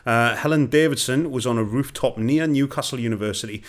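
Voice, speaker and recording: A man's voice: medium pitch, brisk. A male podcast host talking football with his guests. He tells stories with energy and keeps the show moving between segments. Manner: lively storyteller, animated when quoting. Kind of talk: casual football podcast chat.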